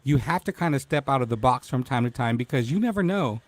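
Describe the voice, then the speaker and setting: Male talk show host, upbeat, greets viewers, mid-pitched, dry close sound. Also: lively intonation, quick pace, no echo. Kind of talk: casual livestream chat.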